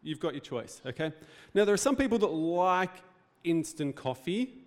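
Joking pastor, higher-pitched man. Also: very animated, normal speed, a little mellow. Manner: conversational, joking preaching with rhetorical questions. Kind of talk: sermon. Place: church hall.

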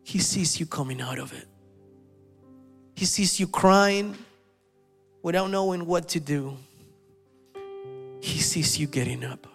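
High, gravelly-voiced male preacher. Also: slow pace, long pauses, faint music behind. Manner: animated, storytelling, with acted-out quotes. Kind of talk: sermon.

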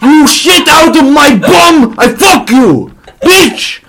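A man voicing a brash, foul-mouthed footballer in a mock foreign accent, shouting insults. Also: extremely high pitch, lively intonation, slow, creaky, slight background noise, voice pushed up, exaggerated voice, rough recording. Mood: raging.

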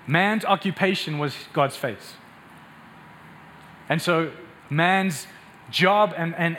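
Impassioned high-voiced male preacher. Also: a little hiss or hum. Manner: impassioned, repeats words when excited. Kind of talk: sermon.

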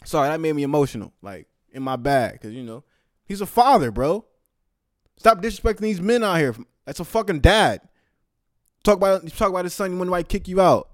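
A young man giving casual, heated commentary, profane and swinging between loud outbursts and low muttered asides. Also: expressive, a little fast, no room sound, clean studio sound.

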